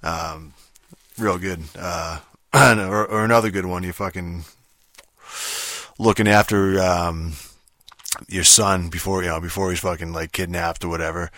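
Deep-voiced man rambling with constant swearing. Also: steady tone, measured pace, pauses often, a bit bright, no echo, clean studio sound. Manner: rambling, heavy swearing, many fillers and restarts. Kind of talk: casual storytelling about a video game.

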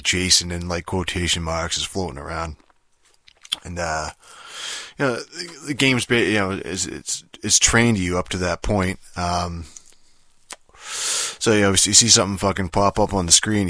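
Deep-voiced man rambling with constant swearing. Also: pushed and bright, no echo, clean studio sound. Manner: rambling, heavy swearing, many fillers and restarts. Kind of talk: casual storytelling about a video game.

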